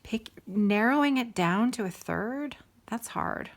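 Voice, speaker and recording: A woman's voice: on the high side, expressive, slow. A middle-aged woman hosting a casual stitching video, chatting to viewers in a rambling, enthusiastic way full of sidebars. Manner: warm and enthusiastic. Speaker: host of a stitching video show.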